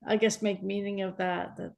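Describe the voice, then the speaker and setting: A woman hosting an interview, giving soft backchannels and asking reflective questions. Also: medium pitch, flat delivery, normal speed, gravelly, dull audio. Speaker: interview host. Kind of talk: casual interview.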